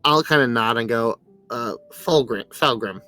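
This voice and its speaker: Bright, blunt-talking male player. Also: medium pitch, a little slow, soft background music. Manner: blunt, teasing. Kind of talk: in-character tabletop play.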